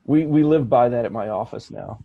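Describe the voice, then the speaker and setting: A man's voice: medium pitch, brisk, creaky, no echo, phone-quality sound. A man co-hosting a podcast, telling rambling anecdotes in casual chat with frequent restarts. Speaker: podcast co-host.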